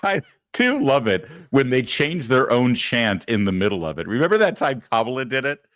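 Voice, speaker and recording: A man's voice: medium pitch, very animated, moderate pace, fairly bright tone, dry recording, clean studio sound. A middle-aged man hosting a talk show, giving sarcastic, mocking political commentary.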